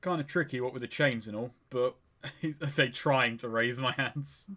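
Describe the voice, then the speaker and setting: A man in casual tabletop play who muses and thinks out loud. His voice sits at a mid pitch and is plain and everyday. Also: normal speed. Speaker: player.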